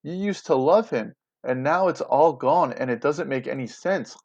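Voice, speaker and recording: A man's voice: mid-range voice, lively intonation, moderate pace, a little mellow. A man voicing an indignant Roman official who angrily scolds a crowd with rhetorical questions, recorded with dull lo-fi audio. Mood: scolding.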